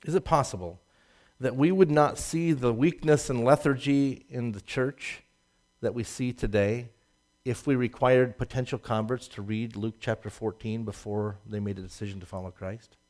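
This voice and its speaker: A man preaching a sermon, swinging from loud emphatic rises to low asides and laughing at his own jokes. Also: fairly even intonation, moderate pace. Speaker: pastor.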